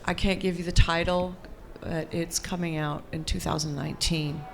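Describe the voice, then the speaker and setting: A woman's voice: sits low, level tone, moderate pace, gravelly, a little hiss or hum. A woman guest on a convention panel, talking in a laid-back, blunt way. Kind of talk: casual chat on a convention panel.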